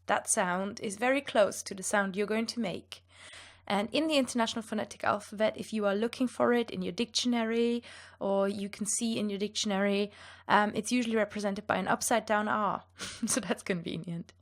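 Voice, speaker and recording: Woman, German accent, pronunciation teacher, clear, patient, lightly playful, mid pitch. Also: fairly even intonation, a little fast. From western Germany. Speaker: language teacher. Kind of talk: pronunciation lesson.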